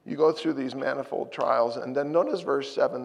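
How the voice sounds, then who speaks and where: An older man preaching a sermon, telling a story with strong emotion, swinging from loud to hushed. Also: mid-range voice, normal speed, gravelly, heavy background noise. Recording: long hall reverb.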